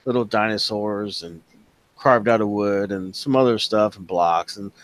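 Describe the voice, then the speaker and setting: A man's voice: fairly low pitch, measured pace. A man narrating as dungeon master in a loose, casual way, with the odd swear word. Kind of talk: narrating a tabletop game.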